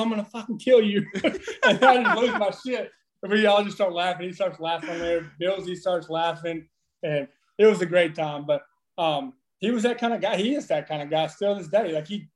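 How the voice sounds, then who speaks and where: Profane, animated man telling stories. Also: sits high. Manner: profane, animated storyteller with laughs. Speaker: former baseball player, podcast guest. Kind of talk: casual storytelling chat.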